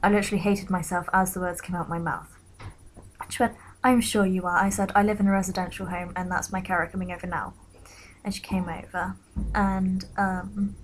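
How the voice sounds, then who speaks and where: A young woman in her late teens recounting a personal story in a quiet, reflective way, sometimes dropping to a whisper. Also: on the low side, a little hiss or hum, low-quality recording. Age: young adult. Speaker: vlogger.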